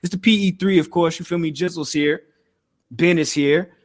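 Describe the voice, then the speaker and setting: A man hosting a podcast in casual chat, animated and slangy, laughing often and tossing in "you feel me". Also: a little high, moderate pace. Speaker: podcast host.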